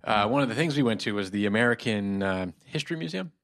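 A man's voice: on the low side, animated, fast, fairly bright tone, a little hiss or hum. A man co-hosting a podcast, telling a long, rambling story in casual chat. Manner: rambling, full of fillers and restarts. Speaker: podcast co-host.

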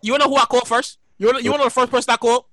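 A woman hosting a podcast, telling a story in a casual, animated way, swearing and repeating her lines. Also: on the high side, very fast, no echo, studio quality. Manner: animated, profane, repeats herself. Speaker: podcast host.

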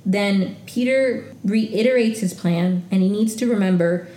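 A woman hosts a solo podcast in a loose, gushing way, with "like" everywhere. Her voice is mellow and relaxed, sitting mid-pitch. The room around her rings a bit. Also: a little slow, roomy sound. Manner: chatty and gushing, peppered with "like". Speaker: podcast host recapping reality TV. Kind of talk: casual solo recap.

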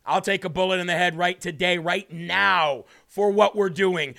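Fired up dude hosting a live political stream, pretty high pitched, says stuff twice. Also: male voice, fairly even intonation, normal speed, vocal fry, pushed and bright. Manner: fiery, indignant, repetitive; reads live chat aloud. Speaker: talk show host.

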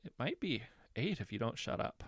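A man narrating a second-person story in a measured, intimate way. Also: medium pitch, very animated, husky, dry recording, clean studio sound.

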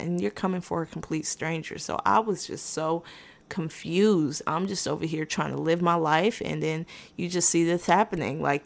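A woman's voice: on the low side, gravelly. A woman hosting a podcast, telling a rambling story time in a dry, sarcastic and unbothered way. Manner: rambling with restarts and asides. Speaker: podcast host. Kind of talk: casual storytime monologue.

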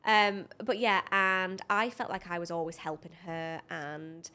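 A woman's voice: on the low side, a little slow, bright, forceful tone. A woman in her thirties from the UK, co-hosting a podcast and telling stories in a frank, confiding way. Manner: chatty storyteller, frank and confiding. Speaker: podcast co-host. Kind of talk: casual chat.

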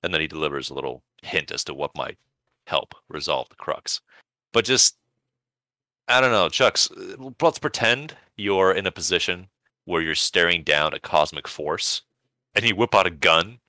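A man co-hosting a casual podcast, with a low voice and a bright, crisp edge. He talks in a lively, swinging way, profane and rambling. The sound is dry and close. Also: normal speed, no echo. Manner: animated, profane, rambling storyteller. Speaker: podcast co-host.

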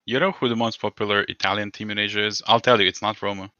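A man's voice: fairly low pitch, fairly even intonation, fast, pushed and bright, clear, resonant tone, dry recording, highs cut off. A man co-hosting a podcast in casual chat, rambling and swearing, laughing often. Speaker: podcast co-host.

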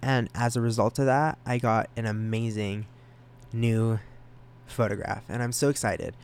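Rambling, excitable young man. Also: mid-range voice, moderate pace, slight background noise. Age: young adult. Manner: rambling, excitable, self-conscious, with stammered restarts. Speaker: podcast host. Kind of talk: solo casual podcast chat.

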